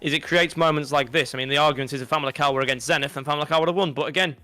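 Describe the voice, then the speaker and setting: A young man with a Scouse accent breaks down an esports football final in eager, rambling bursts, often doubling back on his words. His voice is bright and forceful, with a crisp, clean tone. It is recorded dry and close. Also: a little high, very fast, dry recording, soft background music. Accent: Liverpool. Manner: rambling, excitable, restarts often. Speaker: co-commentator. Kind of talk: esports pre-match analysis.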